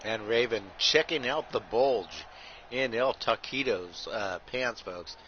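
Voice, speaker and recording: A man's voice: on the low side, takes it slowly. Muffled man doing wrestling play-by-play. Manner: announcer patter, says "folks" nearly every line; excitable shouts at big moves. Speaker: host and play-by-play commentator. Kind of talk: wrestling play-by-play over a video game. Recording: muffled audio with steady background noise.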